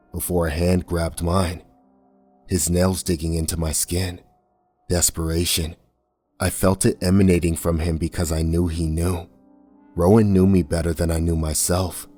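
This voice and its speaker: A man reading a first-person horror story in a tense, measured way. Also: low voice. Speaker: narrator. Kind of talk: scripted horror narration. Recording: soft music bed under voice.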